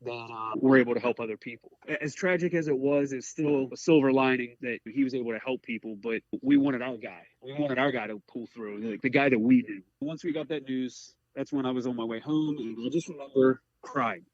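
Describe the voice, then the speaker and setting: A career firefighter in his forties, from Maryland's Eastern Shore, shares his personal story candidly as a podcast guest, earnest and halting and leaning on "like" a lot. His male voice sits at a normal middle pitch. The audio is dry and slightly muffled, with no echo.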